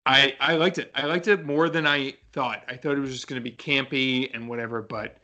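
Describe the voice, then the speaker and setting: A young man chatting casually as a podcast co-host, his voice sitting at an ordinary middle pitch. He is talkative and excitable, often breaking off mid-sentence and starting again. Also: fairly quick, lo-fi sound. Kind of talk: casual chat.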